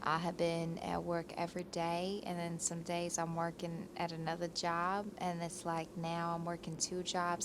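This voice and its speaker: A woman's voice: fairly low pitch, completely flat delivery, normal speed, few pauses, noisy background. A woman co-hosting a podcast in casual chat, giggly and swearing casually. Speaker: podcast co-host.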